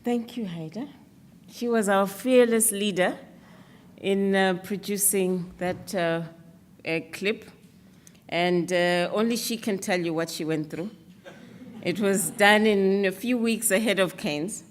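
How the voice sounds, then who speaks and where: Slow, earnest woman giving a speech. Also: mid-range voice. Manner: measured, earnest, with fillers. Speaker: speaker presenting an alliance against stereotypes. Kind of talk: formal speech at an awards event.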